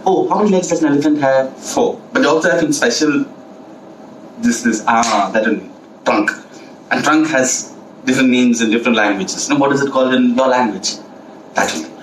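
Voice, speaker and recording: Male storyteller, animated and repetitive, echoey room with faint hiss. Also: mid-range voice, moderate pace, distant mic. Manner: playful, animated, heavy repetition, asks listeners questions. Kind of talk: oral storytelling for children.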